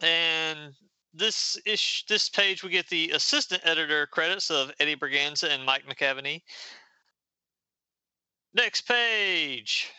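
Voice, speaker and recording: A man's voice: fairly high pitch, steady tone, normal speed, sharp tone, clear, resonant tone, dry recording, low-quality recording. A man casually recapping a comic book issue, reading the characters' lines aloud in playful raised voices.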